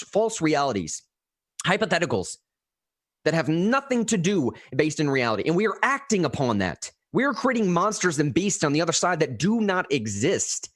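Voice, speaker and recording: A man co-hosting a political podcast, talking emotionally and quickly with many restarts. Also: on the high side, no echo, studio quality. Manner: emotional, fast, rambling with restarts. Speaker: podcast co-host. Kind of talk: impassioned political commentary.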